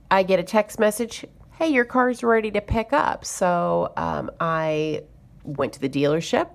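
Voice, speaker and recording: A woman's voice: on the low side, gravelly. A woman chatting to camera as a budgeting vlogger, telling a story in a chatty, exasperated way. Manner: chatty, exasperated retelling with fillers. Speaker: budgeting YouTuber.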